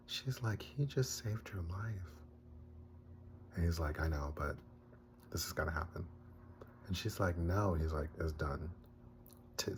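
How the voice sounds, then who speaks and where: Deep-voiced male reviewer, animated and casual, recapping a film with faint background hum. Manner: animated retelling, acting out characters' lines.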